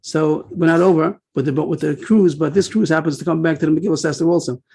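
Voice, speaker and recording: A man teaching a Talmud class over a video call, rattling off the text quickly and then explaining it with many pauses and fillers. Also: fairly high pitch, creaky, warm tone, a little hiss or hum, low-quality recording.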